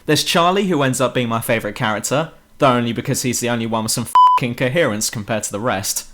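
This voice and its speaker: Sweary sarcastic British game reviewer. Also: male voice, medium pitch, fast talker, a bit bright. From Britain. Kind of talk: ranting game review voice-over. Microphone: home computer mic.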